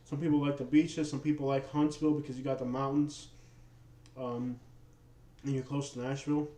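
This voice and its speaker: A man's voice: medium pitch, moderate pace. Rambling man with New York-tinged speech. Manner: rambling, relaxed, many fillers and restarts, talks to viewers. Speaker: livestream host. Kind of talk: casual livestream chat. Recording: roomy echo.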